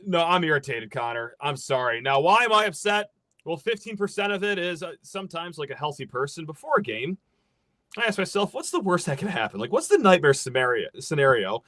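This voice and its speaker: A man's voice: a little high, sharp tone, dry recording. A man hosting a sports podcast, ranting sarcastically with lots of energy after a loss. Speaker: podcast host.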